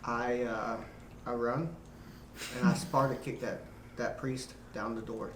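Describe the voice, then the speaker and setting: A man's voice: mid-range voice, flat delivery, takes it slowly, roomy sound, background noise. A man playing a tabletop game, talking in a blunt, joking way. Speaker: player. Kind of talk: casual in-character game talk.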